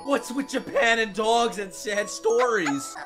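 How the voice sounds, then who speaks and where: A young man streaming his reaction to an anime, swearing, laughing and shouting out in bursts. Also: very high voice, slow, music in the background. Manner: excitable, swears a lot, loud outbursts and laughs. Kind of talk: live reaction commentary.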